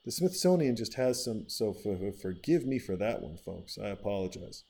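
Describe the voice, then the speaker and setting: A man's voice: fairly low pitch, very animated, normal speed, gravelly. Rambling, profane male podcast host. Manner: rambling, profane, riffing with listener shout-outs. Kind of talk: casual podcast chat.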